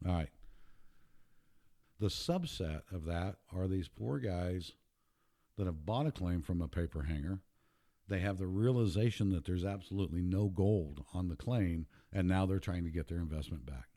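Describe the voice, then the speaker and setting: A man's voice: low voice, moderate pace, warm tone. A man hosting a show, talking in a casual, emphatic monologue, repeating himself and getting worked up. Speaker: podcast host.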